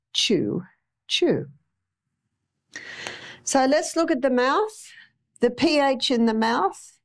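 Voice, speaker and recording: An Australian woman lecturing an audience on health in a chatty way, repeating phrases for emphasis. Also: a little high. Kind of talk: live talk to an audience.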